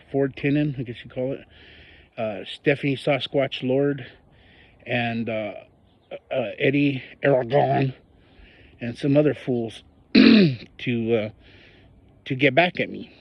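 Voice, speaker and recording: A man's voice: mid-range voice, no echo, muffled recording. A man from northern New Mexico giving an angry personal monologue about local politics, ranting and mocking the people he talks about. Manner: heated, ranting, mocking voices of others.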